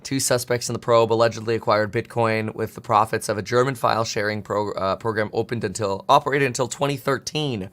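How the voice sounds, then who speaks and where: Man in his 30s, casual livestream host; quick, rambling, jokey delivery while working charts. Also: lowish voice, fairly even intonation, a bit bright. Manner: fast, rambling, jokey, talks to himself while clicking charts. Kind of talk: casual market commentary livestream.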